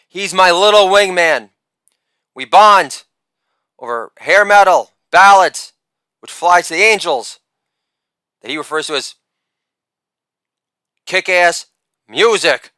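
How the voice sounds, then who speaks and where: A middle-aged man performs stand-up comedy in a boastful, theatrical way, with shouted catchphrases. His voice sits high and swings widely. The sound is bright, smooth and dry, with no room around it. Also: animated, slow, long pauses, no echo.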